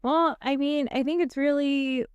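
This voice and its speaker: A woman's voice: high-pitched, fairly even intonation, measured pace, dry recording, muffled recording. A woman co-hosting a family counseling talk show who asks guiding questions and offers examples in a supportive, conversational way. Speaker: counselor and co-host. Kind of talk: conversational podcast discussion.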